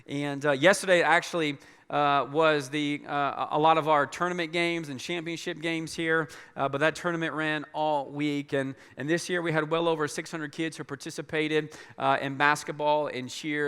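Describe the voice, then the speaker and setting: A man speaking as a pastor to his church in a large auditorium, earnest and halting, with many restarts. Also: on the high side, flat delivery, sharp tone, clean tone. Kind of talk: church announcement and sermon. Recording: long hall reverb.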